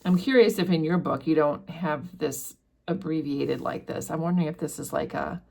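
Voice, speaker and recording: A woman's voice: sits low, normal speed, creaky, a little mellow. A woman hosting a casual book discussion, chatting her way through a chapter and paraphrasing it with plenty of fillers.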